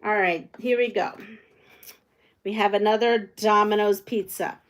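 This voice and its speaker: A woman's voice: medium pitch, fairly even intonation, a little slow. A woman hosting a quilting livestream from home, chatting casually with viewers and thinking aloud as she sews. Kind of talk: casual live chat while sewing.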